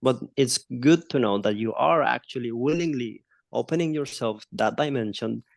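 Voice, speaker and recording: A man's voice: mid-range voice, moderate pace, gravelly, dry recording, studio quality. A man coach in a casual roundtable discussion, explaining ideas earnestly with hesitant restarts.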